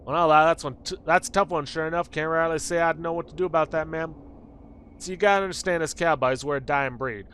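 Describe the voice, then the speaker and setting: A man's voice: on the high side, steady tone, fast, a bit bright, a little hiss or hum, pitched above the performer's own voice, lightly acted. A man voicing an old male cowboy who feels outdated, talking in a folksy drawl.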